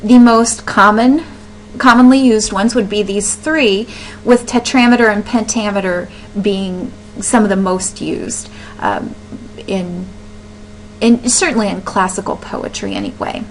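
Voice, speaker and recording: A woman's voice: mid-range voice, expressive, low-quality recording. Woman teacher, mid-range voice, casual slide lecture, filler-heavy, faint hum behind. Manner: chatty, many fillers and restarts, slowly spells out stresses. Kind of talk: recorded lecture over slides.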